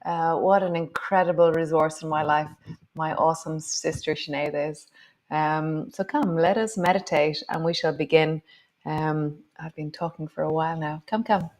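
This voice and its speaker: A woman's voice: low-pitched, fairly even intonation, moderate pace, a little mellow. A woman teaching a guided yoga and meditation class, chatty and rambling with many fillers, her voice slightly wobbly. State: voice slightly wobbly from strong scent.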